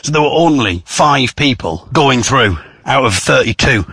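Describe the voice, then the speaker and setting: Husky, bright-toned storyteller with an animated delivery; he mimics shouting crowds. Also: medium pitch, normal speed, no echo. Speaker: comedian telling a story. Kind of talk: storytelling vlog.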